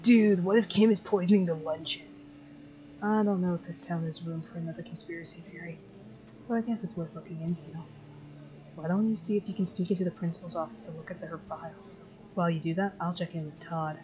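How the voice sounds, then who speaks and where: A woman's voice: lowish voice, fairly even intonation, fairly quick, darkish tone, dull audio, a little hiss or hum, natural voice. A woman voicing a laid-back teenage boy who talks in drawling slang.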